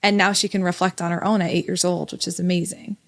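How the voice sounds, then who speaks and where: Lady in her 30s on a parenting podcast, kinda low voice, tells stories about her kid. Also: flat delivery, fast, creaky. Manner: reflective storytelling, quotes family dialogue. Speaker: podcast co-host. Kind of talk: casual parenting podcast chat.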